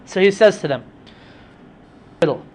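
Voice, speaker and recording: High-voiced man telling a story. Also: moderate pace. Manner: chatty, with frequent fillers and asides. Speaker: teacher. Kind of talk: casual storytelling lesson.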